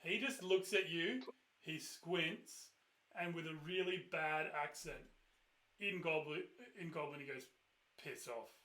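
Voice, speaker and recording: A man's voice: fairly high pitch, unhurried, sharp tone, reverberant. A man running a tabletop game as game master, narrating with a rambling, laughing manner.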